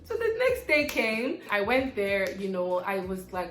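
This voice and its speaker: Young woman vlogger, animated storyteller, echoey room, faint music. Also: mid-range voice, unhurried. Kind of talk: casual storytime vlog.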